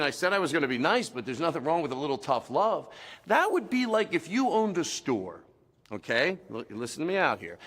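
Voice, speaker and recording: A man's voice: a little high, fairly bright tone, big-room sound. A man comedian delivering a rambling, mock-angry rant to the camera. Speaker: comedian guest.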